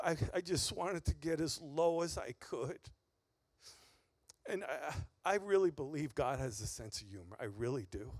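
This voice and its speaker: A man's voice: a little high, no echo. A man preaching a sermon in an earnest, emphatic way, repeating key phrases for weight. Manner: earnest, emphatic, with heavy repetition.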